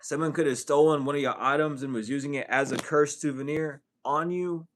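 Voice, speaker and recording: A man talking straight to camera in a casual, profane spiritual vlog, animated and laughing between thoughts. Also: on the high side, fairly quick, a little hiss or hum. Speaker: tarot reader and healer.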